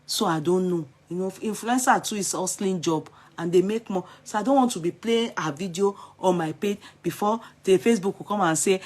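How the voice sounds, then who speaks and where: A Nigerian woman with a Yoruba accent giving animated, scolding commentary in a casual vlog. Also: lowish voice, a little fast, few pauses.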